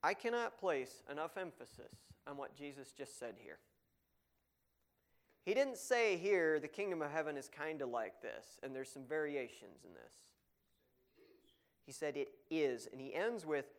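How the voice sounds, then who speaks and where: A man preaching a sermon, reading scripture aloud and explaining it in a conversational way, with strong emphatic stresses and quiet asides. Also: on the high side. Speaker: pastor.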